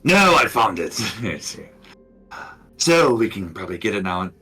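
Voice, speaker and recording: A man narrating as dungeon master of a tabletop game, relaxed and chatty. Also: fairly low pitch, measured pace, breathy edge, faint music behind.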